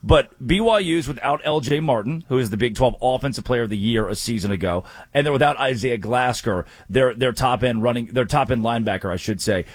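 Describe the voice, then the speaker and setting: A man hosting a sports talk show, giving energetic, opinionated picks and breakdowns. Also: mid-range voice, brisk, few pauses, husky, no room sound. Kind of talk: sports talk radio banter.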